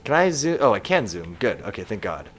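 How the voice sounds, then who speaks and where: A man's voice: fairly low pitch, sing-song, a little fast, a bit bright, a little hiss or hum. A man casually musing aloud while streaming a game live and reading chat comments.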